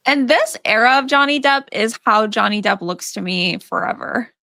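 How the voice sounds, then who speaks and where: A woman's voice: fairly high pitch, expressive, normal speed, gravelly, pushed and bright, dry recording. A woman co-hosting a horror movie podcast, chatting casually in a blunt, joking way with some swearing. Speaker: podcast co-host.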